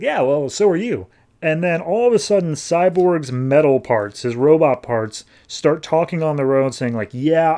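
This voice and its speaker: A man's voice: fairly high pitch, darkish tone. A man hosting a podcast, casually recapping a comic book and paraphrasing the characters in slangy, offhand dialogue. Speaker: podcast host.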